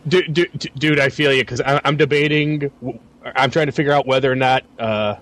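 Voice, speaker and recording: Man, podcast co-host, hesitant, stammering, self-deprecating, mid pitch. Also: fairly even intonation, a little fast, a bit bright. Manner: hesitant, stammering, repeats words. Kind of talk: casual chat.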